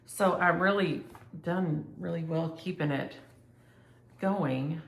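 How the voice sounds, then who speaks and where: A woman's voice: lowish voice, slow, vocal fry, echoey room. A woman chatting casually and rambling as she shows her cross-stitch projects to viewers. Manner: chatty, rambling, thinks aloud. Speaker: flosstube host.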